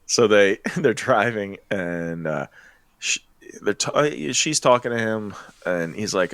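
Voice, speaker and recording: A low-voiced man casually recaps a movie on a podcast, rambling along with plenty of ums and quick laughs. His voice is deep and sits dry and close to the mic, with no room around it. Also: fairly bright tone, no echo. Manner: laughs often, rambling with many fillers. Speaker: podcast co-host. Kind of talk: casual chat retelling a film plot.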